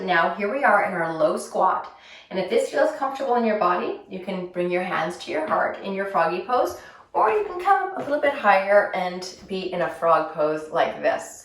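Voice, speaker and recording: Playful woman telling a kids yoga story. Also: medium pitch. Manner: playful, gently instructive storytelling. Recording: echoey room, voice from a distance.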